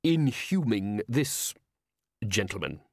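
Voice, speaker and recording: A man's voice: fairly low pitch, big pitch swings, slow, no room sound, studio quality, exaggerated voice. A man voicing an older, pompous guild lord who asks fussy, startled questions in a raised voice. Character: older male guild head, pompous, flustered.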